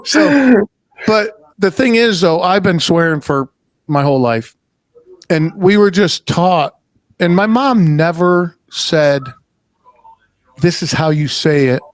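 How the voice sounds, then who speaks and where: Animated swearing dad storyteller. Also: male voice, a little high, takes it slowly, dry recording. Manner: animated storyteller, swears freely, laughs often. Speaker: podcast host. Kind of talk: casual chat.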